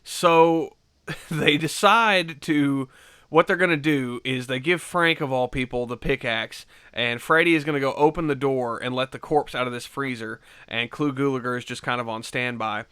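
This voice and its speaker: A man's voice: medium pitch, moderate pace, fairly bright tone, clean tone, no echo. A man giving a casual film review, rambling through the plot with lots of fillers and swearing. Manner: loose rambling retelling full of fillers and swearing.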